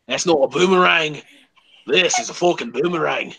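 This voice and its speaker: A man's voice: fairly high pitch, a little slow, gravelly, a crowd in the background. A man voicing a crude, boisterous Australian bloke in a put-on Australian accent. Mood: rowdy joking. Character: brash rowdy Australian bloke, crude and joking.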